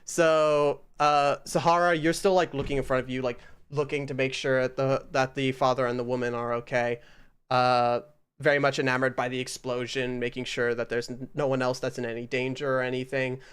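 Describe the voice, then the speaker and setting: A man's voice: mid-range voice, little pitch movement, normal speed, fairly bright tone, clean tone. A man narrating a tabletop game as game master, casual and loose, with plenty of fillers.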